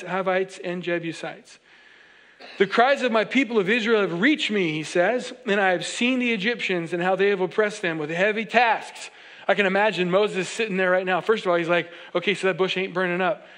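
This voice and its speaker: A man preaching a sermon, reading scripture aloud and breaking into joking, animated asides where he acts out the characters. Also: sits high. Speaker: pastor. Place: church sanctuary.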